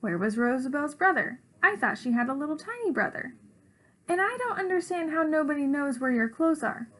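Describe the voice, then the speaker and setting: A woman voicing a storybook mom grilling her kid with one exasperated question after another. It sounds close to an everyday adult voice, raised a bit in pitch. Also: animated, brisk, a bit bright. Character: puzzled mother questioning her child.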